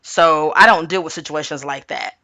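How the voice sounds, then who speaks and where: A woman's voice: deep voice, moderate pace, pushed and bright. A woman hosting her own channel, recapping reality-TV gossip in a sassy, chatty, informal way and tossing in "okay" again and again. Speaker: tarot channel host. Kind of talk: casual gossip recap monologue.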